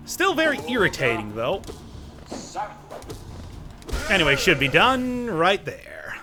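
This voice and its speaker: A man's voice: a little high, wildly swooping pitch, slow pace, music in the background. A man giving casual, joking commentary while playing a video game, often talking back to the game's characters. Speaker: gaming let's-player.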